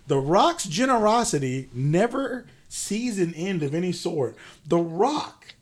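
A man's voice: sits high, slow. Young guy cohosting a podcast, big swings in his voice, laughing in disbelief and swearing. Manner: animated, mock-incredulous, swears, laughs mid-sentence. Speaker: podcast co-host. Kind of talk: comedic podcast banter.

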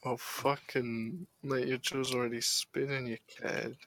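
A man in casual voice-chat banter, throwing out insults in a slow drawl. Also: mid-range voice, flat delivery, fairly bright tone, dry recording.

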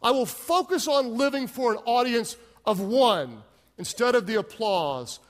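A man's voice: very high voice, expressive, a little slow, big-room sound. A male pastor giving an emphatic sermon, leading call-and-response.

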